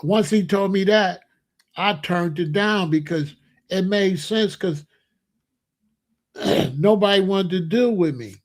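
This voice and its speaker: A high-pitched man hosting his own channel tells a personal story slowly, pausing often, in a casual, rambling, emphatic way that breaks into laughs.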